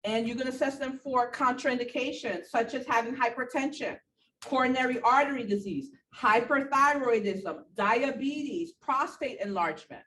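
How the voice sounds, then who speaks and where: Woman, nursing instructor, animated classroom lecture, slightly breathless, higher voice; distant mic in a roomy space. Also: moderate pace. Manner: animated, repetitive emphasis, talks to students directly. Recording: echoey room, voice from afar, faint background noise.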